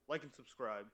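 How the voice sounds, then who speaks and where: Quiet, dry-joking man. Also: mid-range voice, low-quality recording. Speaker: player.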